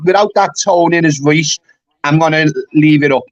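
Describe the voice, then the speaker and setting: A man from England with a slightly high voice, recorded dry and close with no room sound. He talks bluntly and swears freely, tacking "mate" onto his sentences as he chats casually with a caller on his livestream. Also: moderate pace, no room sound. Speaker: YouTube livestream host. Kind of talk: casual call-in chat.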